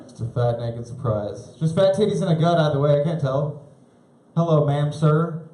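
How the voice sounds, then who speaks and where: A young man doing a live stand-up set, rambling and laughing at his own stories, jumping into high shouty voices for the people he quotes. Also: lively intonation, a little fast. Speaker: stand-up comedian. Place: live comedy club stage. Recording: roomy club sound.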